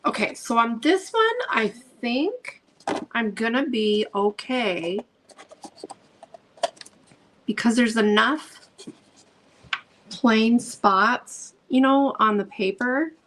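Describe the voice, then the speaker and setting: A woman's voice: on the high side, expressive, very slow, long pauses, fairly bright tone, slight background noise, low-quality recording. A middle-aged woman, a craft channel host chatting casually while she paints, gushing storyteller with many ums.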